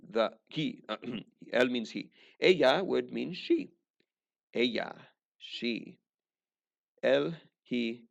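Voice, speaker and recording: Man, teacher, recorded lesson, very gravelly fry, dull lo-fi sound, dry joking asides. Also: medium pitch.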